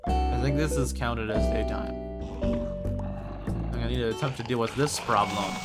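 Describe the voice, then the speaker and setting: A young man commentating his own gameplay, jumping between flat narration and startled outbursts. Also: medium pitch, unhurried. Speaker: gaming YouTuber. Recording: background music under the voice.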